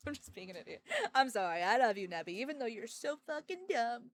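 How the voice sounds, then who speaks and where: A woman with a fairly high voice speaks briskly. As a streamer, she chats casually with her audience, rambling, joking, and talking to her dogs between thoughts.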